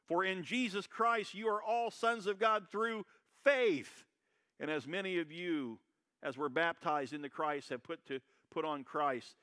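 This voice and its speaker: A pastor preaching a sermon, loud and brash, swinging between shouted high points and quiet asides. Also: male voice, clean tone.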